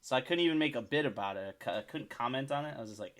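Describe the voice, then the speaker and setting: Bright, profane podcast co-host man. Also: medium pitch, animated, racing. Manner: profane and jokey. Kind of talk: crude casual chat.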